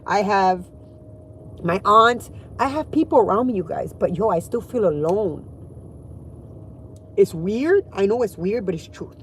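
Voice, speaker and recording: A woman's voice: mid-range voice, lively intonation, measured pace, pauses often, slight background noise. A woman in her forties talking candidly and emotionally in a casual vlog from inside her car, swearing freely. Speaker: vlogger.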